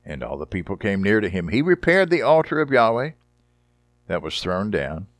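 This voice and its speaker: A man preaching a sermon, reading Bible passages dramatically and deliberately and adding short wry comments. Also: on the low side, big pitch swings, dry recording. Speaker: Bible teacher.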